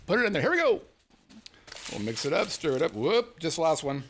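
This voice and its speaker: A man's voice: a little high, very animated, brisk, fairly bright tone, slight background noise. A man hosting a podcast in casual chat, joking crudely and laughing often. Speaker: podcast host.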